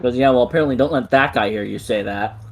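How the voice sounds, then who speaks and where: A player in a tabletop role-playing game voicing a nervous young man, animated and quick to laugh. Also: medium pitch.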